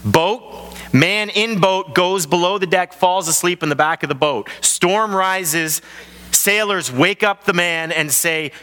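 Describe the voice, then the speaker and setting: A man preaching a sermon as pastor of his church, telling the story in an animated way and acting out the voices. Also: high voice, slow pace, clear, resonant tone. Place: large church hall. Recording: long hall reverb.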